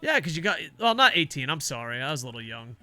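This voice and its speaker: A man's voice: fairly high pitch, sing-song, fast, pushed and bright, no echo, soft background music. An older man, a semi-retired teacher, rambling casually and profanely while streaming a game, laughing often. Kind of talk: casual chat while gaming.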